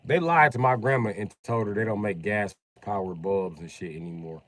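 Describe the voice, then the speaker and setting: A man's voice: fairly low pitch, normal speed, fairly bright tone, no room sound. Profane, rambling male streamer. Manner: profane, rambling, tosses in "you know what I mean". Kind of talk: casual gameplay commentary.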